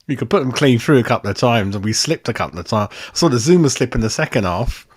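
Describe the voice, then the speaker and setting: A man's voice: mid-range voice, lively intonation, fast, breathy edge. A man hosting a casual live-stream football match review, blunt and laughing, swearing and calling everyone mate. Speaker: football fan channel host. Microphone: desk microphone.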